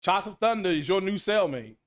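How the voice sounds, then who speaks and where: Animated high-voiced man ranting about games. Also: brisk. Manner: animated, rambling, repeats himself, reads chat names aloud. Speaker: gaming commentary host. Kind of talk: casual solo stream commentary.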